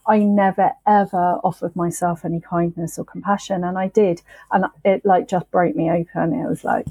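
A woman on a podcast, telling her sobriety story in a candid, emotional, halting way. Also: on the low side, little pitch movement, dark tone, husky, poor audio. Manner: emotional, halting, with frequent restarts and swearing.

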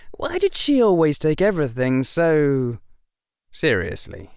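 A man narrating a fan fiction audiobook in a measured, unhurried manner. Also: medium pitch, wildly swooping pitch, clear, resonant tone, no room sound, clean studio sound.

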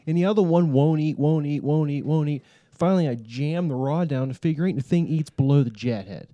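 Co-host, man, dry close mic, laughs a lot, quick play-by-play recounting. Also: a little high, warm tone, dry recording, muffled recording. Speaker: podcast co-host. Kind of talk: casual fishing chat.

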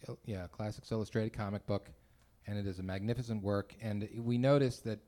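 A man chatting casually as a host, relaxed and thoughtful. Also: on the low side, brisk. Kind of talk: casual chat.

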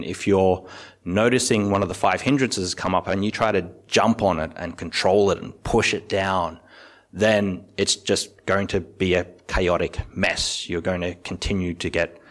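A male Buddhist monk giving a calm, explanatory meditation talk with everyday analogies. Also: deep voice, moderate pace.

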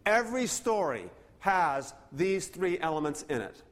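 A man's voice: high-pitched, big pitch swings, unhurried. A man preaching a sermon, reading scripture aloud and often restarting his words. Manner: earnest preaching, frequent stammered restarts, reads scripture aloud. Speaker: pastor.

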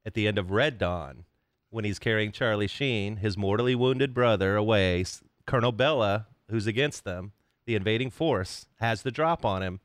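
A man's voice: on the low side, normal speed, no room sound, studio quality. A man hosting a podcast, casually recounting movie and music trivia with enthusiasm. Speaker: podcast host. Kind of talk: casual chat.

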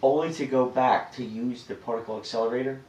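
A man's voice: mid-range voice, fairly even intonation, fast, darkish tone. A man chatting casually at home, telling jokey, profane stories. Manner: joking, profane storytelling. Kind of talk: casual chat. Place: apartment room. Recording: echoey room, mic far off.

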